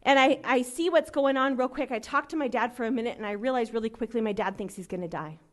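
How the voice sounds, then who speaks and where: Woman, 30s, from LA, high voice; earnest, chatty recovery-share delivery with lots of fillers. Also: fast. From Los Angeles. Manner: earnest, conversational, full of fillers, voices the people in her story. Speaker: recovery meeting speaker. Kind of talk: personal recovery story told to a live meeting. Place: meeting room.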